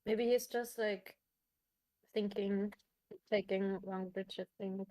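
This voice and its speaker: A woman's voice: mid-range voice, fairly even intonation, slow pace, mellow, no room sound, poor audio. A woman co-commentating an online card game in a casual, playful way, hesitating a little and giggling often.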